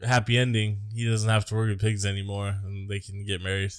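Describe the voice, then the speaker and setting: A man's voice: on the low side, completely flat delivery, a little fast, smooth, no echo, studio quality. An American man co-hosting a podcast, chatting casually and crudely about a movie with jokes. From United States. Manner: laid-back, crude, joking. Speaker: podcast co-host. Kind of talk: casual movie-review chat.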